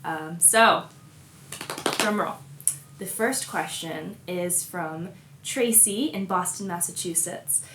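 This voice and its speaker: A woman's voice: lowish voice, takes it slowly, a bit bright, slight background noise. Giggly young woman in an echoey hotel room. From Colorado, US. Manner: bubbly, giggly, lots of fillers. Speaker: musician answering fan questions. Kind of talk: casual chat.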